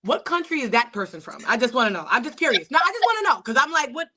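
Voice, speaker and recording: A woman comedian from New York, a guest chatting in a casual interview, playful and quick to laugh. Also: high voice, very animated, pushed and bright.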